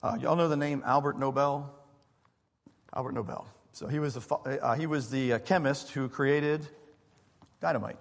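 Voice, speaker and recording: Pastor, male, mid-pitched voice, easygoing conversational sermon, long hall echo. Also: moderate pace, gravelly. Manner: conversational preaching with fillers and asides to the congregation. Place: church sanctuary.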